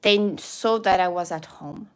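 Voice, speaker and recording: A woman's voice: fairly low pitch, unhurried, clear, resonant tone. A woman with a French accent chatting casually on a livestream, reading a form aloud with playful asides and frequent laughter. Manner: reads forms aloud with playful asides, slips into French interjections, laughs often. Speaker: YouTuber.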